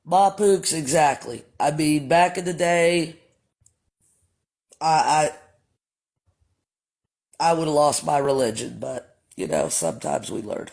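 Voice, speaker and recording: Guy running a livestream, kinda high voice, blunt and cussy, talking to chat. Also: animated, slow, creaky, pauses often, darkish tone. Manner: blunt and profane, addresses chat as y'all. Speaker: livestream host. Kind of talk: casual livestream storytelling.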